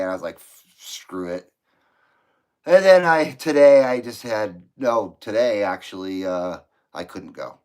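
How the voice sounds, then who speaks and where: A man's voice: mid-range voice, clear, resonant tone. A man from California hosting a live stream, reading viewer comments in a casual, joking, profane and rambling way. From Ventura County, California. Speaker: livestream host.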